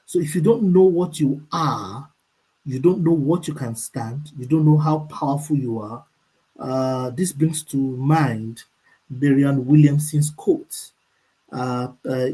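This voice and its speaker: A man coaching a group on a call, speaking in an emphatic, preachy way and reading quotes out slowly. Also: mid-range voice, mellow, breathy edge, low-quality recording. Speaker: motivational coach. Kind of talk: motivational talk on a group call.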